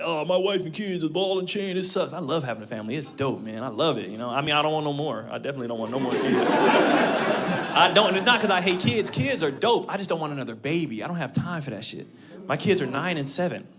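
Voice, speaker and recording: A man in his thirties doing an animated stand-up comedy set, laughing through his punchlines. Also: a little high, fast. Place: comedy club stage with audience. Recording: loud crowd laughter and room noise.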